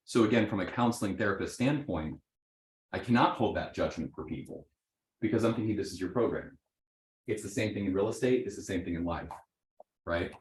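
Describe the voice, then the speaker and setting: Animated male seminar trainer in an echoey room. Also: fairly low pitch. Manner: animated, keeps checking in with "right?", acts out sample dialogues. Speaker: real estate trainer. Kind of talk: live seminar teaching. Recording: roomy echo.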